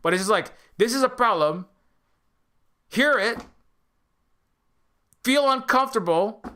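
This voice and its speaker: A man talks in a loose, rambling way, restarting his sentences, swearing now and then and acting out what others might say. His voice sits high and sounds sharp and crisp. He comes across as an indie game maker chatting to his audience. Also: lively intonation, unhurried. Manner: acts out others' lines in quoted voices. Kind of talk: casual spoken commentary.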